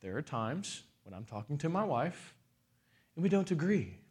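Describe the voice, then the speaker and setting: Man in his forties, pastor, fairly high voice, call-and-response preaching, playful asides. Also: moderate pace. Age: 40s. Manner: lively swings in pitch and loudness, playful asides. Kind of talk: sermon.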